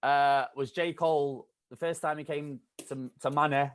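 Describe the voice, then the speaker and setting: A man's voice: fairly high pitch, a little slow, clear, resonant tone. A man with a Mancunian accent tinged with Scouse and London, a radio DJ telling stories in casual podcast chat. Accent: Mancunian mixed with Scouse and London. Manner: animated, chatty storyteller. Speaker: radio DJ guest.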